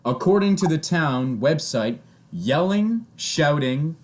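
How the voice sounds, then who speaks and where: Slow-paced and expressive, this young Canadian-accented co-host has a slightly high voice. In casual podcast chat he reads out strange laws, laughing frequently in a giggly way.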